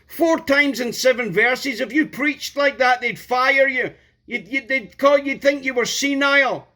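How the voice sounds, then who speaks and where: A man preaching a sermon, emphatic, repeating key words and building to loud outbursts. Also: very high-pitched, a little slow.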